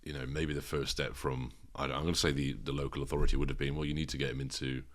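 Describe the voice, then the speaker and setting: A man co-hosting a casual podcast, speaking in a measured, reflective way with frequent pauses and ums. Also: rumbling low, level tone, fairly bright tone. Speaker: podcast co-host.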